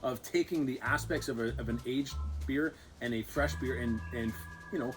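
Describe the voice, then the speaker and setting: A man's voice: medium pitch, normal speed, over music, poor audio. A man co-hosting a casual beer-tasting chat, playful and jokey, explaining with many restarts. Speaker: co-host.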